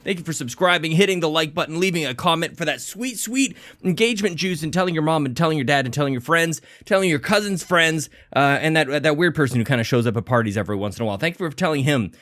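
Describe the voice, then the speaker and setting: Male podcast host, fairly high voice, chatty and rambling, slightly winded, dry room. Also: lively intonation, fast talker, few pauses, a bit bright, dry recording, soft background music. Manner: chatty, rambling, self-deprecating. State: a little out of breath. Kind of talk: energetic casual podcast intro.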